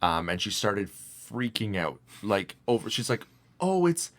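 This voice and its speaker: A young man co-hosting a casual podcast, telling a story in an animated way and mimicking the voices of the people in it. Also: fairly low pitch, unhurried. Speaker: podcast co-host.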